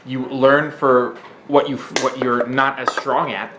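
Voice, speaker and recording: A man in casual chat, calmly explaining his sparring technique while watching the video, with some swearing. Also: mid-range voice, slow pace, background noise. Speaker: co-host, sparring partner. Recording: roomy echo.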